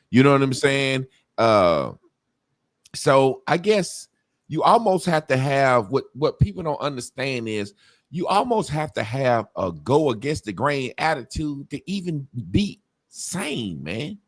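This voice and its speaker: A man's voice: medium pitch, very animated, unhurried, no echo, clean studio sound. A middle-aged man in a casual conversation, talking bluntly with rambling asides and frequent swearing. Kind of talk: casual talk-show conversation.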